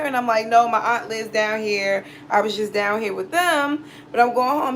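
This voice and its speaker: A woman's voice: on the high side, moderate pace, few pauses, fairly bright tone, slight background noise, low-quality recording. A woman, hosting a casual storytime vlog. She speaks bluntly and profanely and acts out both sides of every conversation. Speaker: tarot reader and channel host.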